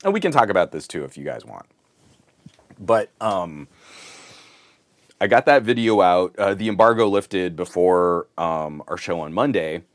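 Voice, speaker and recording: A man hosting a casual podcast, telling a long story in an animated, rambling way. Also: low-pitched, measured pace, pauses often, no echo. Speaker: podcast host.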